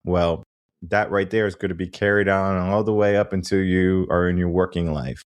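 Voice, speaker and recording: A man's voice: sits low, fairly even intonation, normal speed, clean tone, no room sound. A man hosting a coaching podcast, speaking emphatically in a motivational conversation and posing rhetorical questions.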